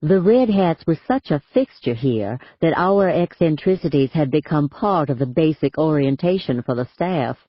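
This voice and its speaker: A man reading a novel aloud in the first person, with a measured, lightly wry storytelling manner. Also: fairly high pitch, animated, dry recording, highs cut off. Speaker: audiobook narrator.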